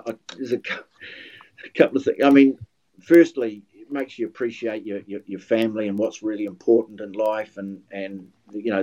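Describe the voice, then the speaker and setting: A man's voice: fairly low pitch, mellow, dull audio. An older man with a New Zealand accent, a guest commentator telling anecdotes in casual podcast chat, often restarting his sentences. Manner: anecdotal storyteller with many restarts.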